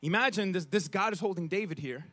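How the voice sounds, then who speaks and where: A pastor with a high voice preaches a sermon at a quick pace, conversational and animated, frequently restarting and tossing asides to the congregation. The recording is dry.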